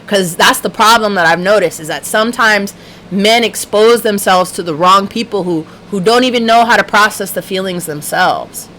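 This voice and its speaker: A woman's voice: mid-range voice, moderate pace, fairly bright tone, a little hiss or hum, poor audio. A young woman hosting a casual livestream chat, talking passionately with lots of swearing and frequent laughs. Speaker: livestream host.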